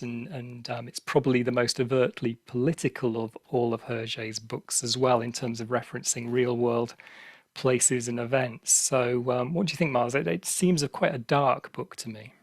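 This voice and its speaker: A man's voice: mid-range voice, no room sound. A man co-hosting a podcast, explaining history at length in a casual way, with frequent ums and restarts. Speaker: podcast co-host.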